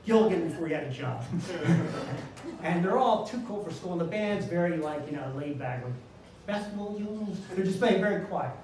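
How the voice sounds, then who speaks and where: A man's voice: a little high, animated, fairly quick, a little mellow, slight background noise. An older man telling a self-deprecating comic story on a live stage, chatty and full of asides. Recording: echoey room, mic far off.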